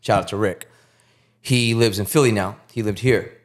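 Animated storytelling man, casual swearing. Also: lowish voice, normal speed. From Puerto Rico. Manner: animated, swears freely, acts out other people's voices. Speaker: guest artist.

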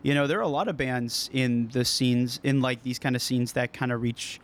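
A man's voice: medium pitch, normal speed. A young man from California, a band member, chatting casually on a podcast, swearing often and acting out the people in his stories. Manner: laid-back, swears often, acts out quoted people. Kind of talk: casual chat.

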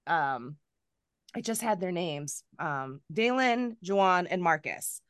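A woman's voice: on the low side, animated, slow pace, fairly bright tone, no echo, clean studio sound. Chatty woman podcast host who laughs a lot. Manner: chatty, laughs often, candid and profane. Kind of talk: casual chat.

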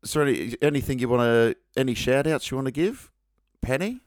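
A man's voice: medium pitch, lively intonation, fairly quick, no room sound, studio quality. A man hosting a podcast, jokey and rambling with frequent restarts. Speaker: podcast host. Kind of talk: casual podcast chat.

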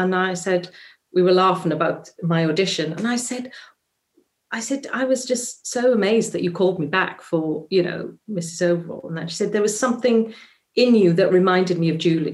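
A Welsh woman, a musical theatre actress, telling a story in a chatty interview full of ums. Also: fairly low pitch. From Wales. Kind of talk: casual interview anecdote.

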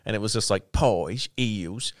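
A man's voice: on the low side, unhurried, no room sound, clean studio sound. An Australian man hosting a podcast, telling a rambling, sweary travel anecdote in casual chat. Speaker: podcast host.

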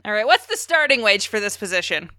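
A blunt young woman engineer, as a woman plays her, dry and wry in how she talks. Her voice is bright and forceful. It sounds close to the mic in a dry room. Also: mid-range voice, big pitch swings, quick pace, dry recording.

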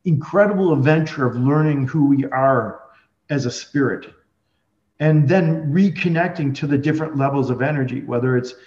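A man's voice: a little high, darkish tone. Man telling a story in a roomy, dull recording. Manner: rambling, with many restarts and fillers. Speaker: podcast guest, medium. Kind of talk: conversational storytelling.

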